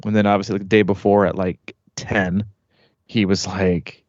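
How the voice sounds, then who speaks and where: A man's voice: sits low, little pitch movement, moderate pace, a little mellow, no room sound. A man in his thirties hosting a triathlon podcast, telling a story in a rambling way, full of "like" and "you know". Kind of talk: casual storytelling chat. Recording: slightly muffled, dry sound.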